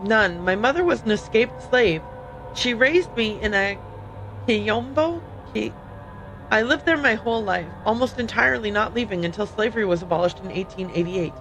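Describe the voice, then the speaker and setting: A woman's voice: medium pitch, lively intonation, moderate pace, a bit bright, faint music behind, rough recording. A woman reading a young freed woman's game dialogue aloud in her own plain, upbeat tone. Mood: sorrowful. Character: young woman, freed slave, grieving and adrift.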